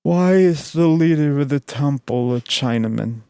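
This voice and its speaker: A man's voice: a little high, unhurried, warm tone, smooth, dry recording, studio quality. A man hosting a podcast, giving sarcastic, scoffing commentary over a clip, often breaking into laughter. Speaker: podcast host.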